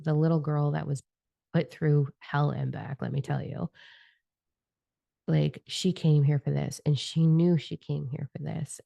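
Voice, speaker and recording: A woman's voice: low voice, steady tone, normal speed, creaky, dark tone, no echo. A woman giving a spiritual energy forecast with tarot cards in a passionate, rambling and profane monologue. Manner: fervent, profane and rambling, admits getting carried away.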